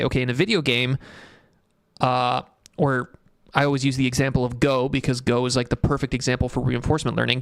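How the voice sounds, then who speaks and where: A man's voice: medium pitch, a bit bright, no room sound, studio quality. A man hosting a casual tech livestream, rambling in a blunt, profane way and reading chat comments aloud. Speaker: livestream host.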